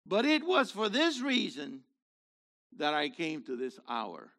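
A man in his seventies delivers a sermon in a high, gravelly voice, unhurried yet wildly animated in pitch. He drops to worn murmurs, then bursts into shouted exclamations. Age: 70s. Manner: fiery, swings from low murmurs to shouted exclamations. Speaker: messianic rabbi.

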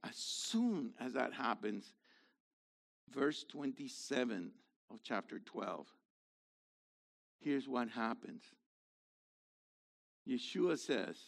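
A man in his seventies delivers a sermon in a high, gravelly voice, unhurried yet wildly animated in pitch. He drops to worn murmurs, then bursts into shouted exclamations. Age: 70s. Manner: fiery, swings from low murmurs to shouted exclamations. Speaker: messianic rabbi.

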